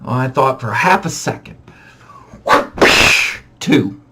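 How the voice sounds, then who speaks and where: A man casually telling a funny true story from his childhood, animated and self-mocking, with frequent restarts. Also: medium pitch, slow, heavy background noise.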